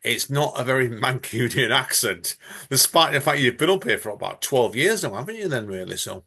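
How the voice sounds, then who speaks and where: A man's voice: mid-range voice, lively intonation, brisk, gravelly, pushed and bright, husky. A man hosting a podcast, chatting in a rambling, friendly way. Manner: rambling, friendly, laughs often. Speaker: podcast host. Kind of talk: casual chat.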